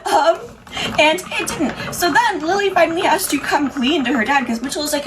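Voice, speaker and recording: A woman's voice: high voice, animated, a little fast, rough recording. A young woman chatting casually to camera, recapping TV episodes in a rambling, opinionated way with frequent restarts. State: has the hiccups. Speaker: pop culture commentator.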